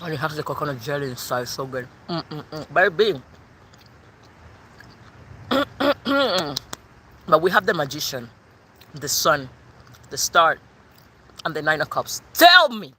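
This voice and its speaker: A woman's voice: sits low, expressive, slow, pauses often, bright, forceful tone, slight background noise. A woman with a Cuban accent giving a channeled tarot reading in an emphatic, sassy way that repeats her points. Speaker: tarot reader.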